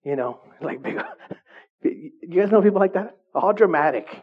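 A man's voice: sits high, animated, unhurried, husky. A male pastor preaching a conversational sermon, often checking in with his listeners. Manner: conversational, keeps checking in with the congregation. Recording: dull lo-fi recording.

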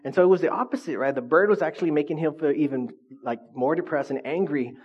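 A pastor giving a sermon in a conversational way, often checking in with "right?". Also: male voice, a little high, fast, hardly any pauses, darkish tone, slightly rough, lo-fi sound. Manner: conversational, frequent "right?" tags.

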